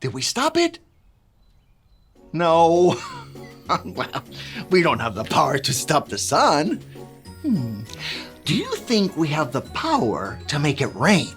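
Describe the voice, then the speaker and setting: A woman's voice: sits low, huge pitch swings, takes it slowly, pauses often, faint music behind, heavily acted. A woman playing a cheerful male handyman who tells a Bible story to children, calling them to join in with actions. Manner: playful, calls kids to join in. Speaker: children's church presenter.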